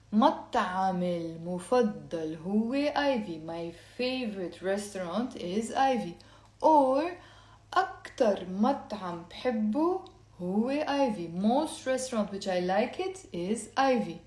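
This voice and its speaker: A woman teaching a language lesson, explaining step by step and repeating words slowly for learners to say along. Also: mid-range voice, darkish tone, echoey room. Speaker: Lebanese Arabic teacher.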